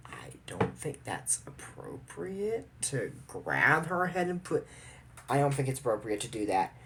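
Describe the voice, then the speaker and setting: A woman's voice: rumbling low, sing-song, a little slow, noisy background. A woman giving a rambling, judgmental recap of a cartoon episode in casual commentary, with frequent restarts.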